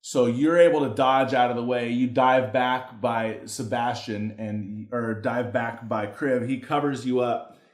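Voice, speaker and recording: Man, dungeon master, halting restart-heavy narration, echoey room. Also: mid-range voice, steady tone. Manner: halting, full of restarts and fillers. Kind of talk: narrating a tabletop game. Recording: roomy echo.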